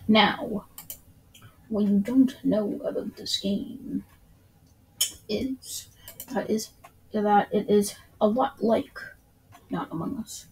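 A woman's voice: mid-range voice, fairly even intonation, slow pace, pauses often, a little mellow. A woman giving playful let's play commentary over a game, reacting aloud and humming dramatic suspense stings. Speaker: gamer.

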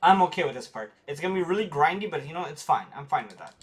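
Excitable man streaming a game. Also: a little high, racing, few pauses, over music. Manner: excitable, talks to viewers while playing. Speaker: gaming streamer. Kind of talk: casual let's-play commentary.

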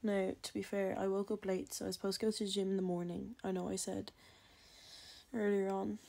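A woman's voice: medium pitch, level tone, a little fast, creaky, dark tone. A young woman rambling casually to the camera as she wraps up her vlog. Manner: chatty, rambling. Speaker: vlogger.

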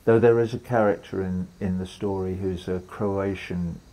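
A man's voice: low-pitched, fairly even intonation, normal speed, mellow, low-quality recording. An older man, telling a long story as an interview guest, rambling with restarts and quoted lines. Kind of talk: relaxed storytelling conversation.

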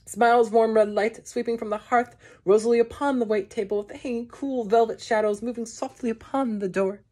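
A woman giving a measured poetry reading, with slow, deliberate phrasing and long pauses. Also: a little high, steady tone, warm tone. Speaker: poetry reader.

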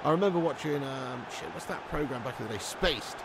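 A man's voice: medium pitch, lively intonation, brisk, a loud crowd, very noisy. A man live-streaming a football game, chatting loosely with his viewers, swearing and laughing often. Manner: swearing, laughing, rambling banter with chat. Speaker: streamer reading chat. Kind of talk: casual live-stream chat.

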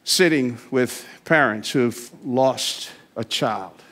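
A man preaching a sermon in a church, slowing down to stress key words, adding wry asides, and building to emphatic declarations. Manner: builds from quiet, slow reflection to high, emphatic declarations. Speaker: guest preacher. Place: church sanctuary.

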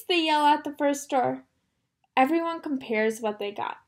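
A woman teacher reading a picture book aloud to young children, animated, gasping and asking them questions. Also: high-pitched, normal speed. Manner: animated storyteller, gasps, asks the children questions.

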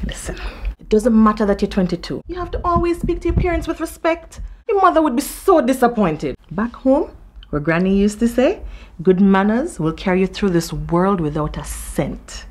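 An actress playing a stern parent lecturing a grown daughter about respect. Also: female voice, medium pitch, animated, normal speed, natural voice. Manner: scolding, lecturing.

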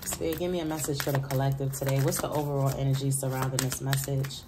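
A woman with a notably low voice reads tarot in a loose, chatty way, speaking straight to her viewers. She repeats phrases for emphasis and laughs between remarks. Faint noise sits under her voice. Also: little pitch movement, fast talker. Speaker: tarot reader. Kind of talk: casual tarot reading to viewers.

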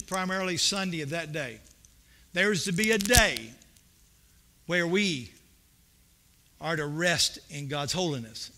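A man's voice: fairly high pitch, pushed and bright. A male pastor preaching a sermon in a church, telling folksy stories and building to emphatic points. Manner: folksy, storytelling preacher with rising emphatic bursts. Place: church sanctuary.

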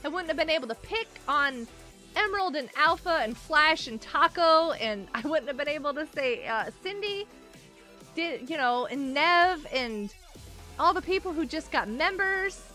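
A woman live streams while nursing a headache, chatting with her viewers in a bubbly, giggly way. Her voice is high, animated, and sharp, at a normal speed, with soft music in the background.

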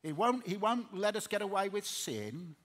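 A man's voice: sits high, big pitch swings, moderate pace, fairly bright tone. A middle-aged man preaching a sermon in earnest, repeating words as he builds up. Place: large hall.

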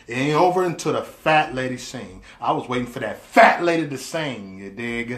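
A man vlogging in an animated storytelling monologue, swinging from low asides to loud cries. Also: normal speed. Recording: roomy echo.

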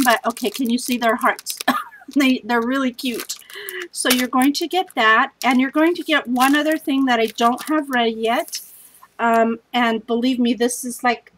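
A woman hosts a scrapbooking challenge video from home, sounding worn out. Her talk is chatty and scattered, full of self-deprecating asides. Her voice sits a little higher than most women's. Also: fairly bright tone, slight background noise, poor audio. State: tired. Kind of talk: casual vlog chat.

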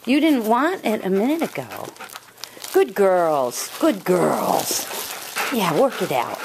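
Woman at home fussing at her dogs, slow and swoopy, loud barking all around. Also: mid-range voice, sing-song, creaky, background noise. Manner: alternately scolding and praising in pet talk. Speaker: dog owner.

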